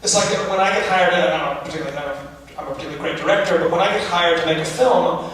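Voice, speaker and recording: A film director answering audience questions in a chatty, laughing way at a festival Q&A. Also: male voice, a little high, fast talker, fairly bright tone. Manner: chatty, laughing asides, restarts. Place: large hall with audience. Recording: echoey hall from far off, audience noise.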